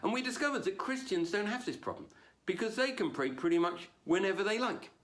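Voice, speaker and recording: A comedian performing stand-up for an online audience. His slightly high voice swings widely in pitch. He jumps from loud punchlines to low, muttered asides. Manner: animated, quick shifts between loud punchlines and low asides.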